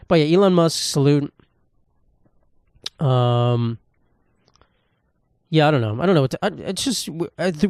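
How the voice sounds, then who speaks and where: A man's voice: mid-range voice, fairly quick, warm tone, dry recording, clean studio sound. A young man hosting a solo podcast from his apartment, rambling and swearing in a jokey way. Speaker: podcast host.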